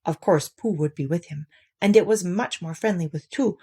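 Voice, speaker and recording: A woman reading a children's storybook aloud with expressive, animated storytelling. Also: lowish voice, moderate pace, slightly rough.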